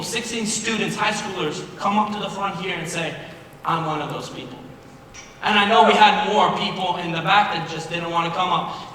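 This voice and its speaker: A young man, a youth pastor, preaching passionately to high school students, sometimes rising to a shout. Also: a little hiss or hum. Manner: impassioned, rising to shouts at key points. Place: large echoey school hall. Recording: echoey hall recorded from far off.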